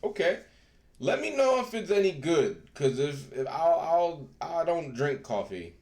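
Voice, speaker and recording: Slow, laid-back man in an echoey room. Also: a little high, sing-song, darkish tone. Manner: laid-back, swears freely, laughs often. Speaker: live stream host. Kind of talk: casual chat with stream viewers. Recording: roomy echo.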